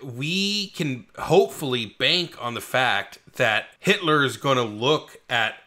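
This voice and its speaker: A man co-hosting a podcast, chatting casually about a film and acting out its scenes with lively voice jumps. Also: slow. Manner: animated retelling of scenes, acting out characters with big pitch jumps. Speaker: podcast co-host. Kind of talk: casual movie review chat.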